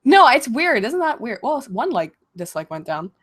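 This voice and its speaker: A woman casually chatting on a livestream Q&A, getting over a cold and clearing her throat, laughing often and swearing freely. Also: a little high, big pitch swings, moderate pace, fairly bright tone. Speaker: streamer answering viewer questions.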